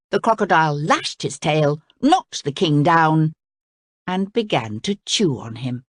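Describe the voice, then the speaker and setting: A woman reading a children's story aloud in an expressive, lively way. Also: low voice, dry recording, studio quality. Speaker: storybook reader.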